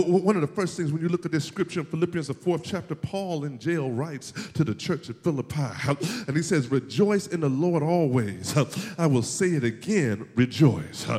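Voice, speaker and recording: A man preaching a sermon in a church, with a rhythmic huffing cadence that climbs into shouted, half-sung runs. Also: a little high, in a large hall. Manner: rhythmic preaching with "huh" breaths, rising to shouted sung climaxes. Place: church sanctuary.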